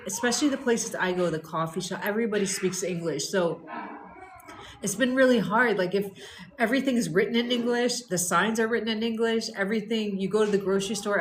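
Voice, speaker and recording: A woman's voice: mid-range voice, noisy background. A woman, chatting casually and rambling during a wellness livestream at home. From born in Canada, raised in the US. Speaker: wellness live streamer. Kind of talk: casual chat.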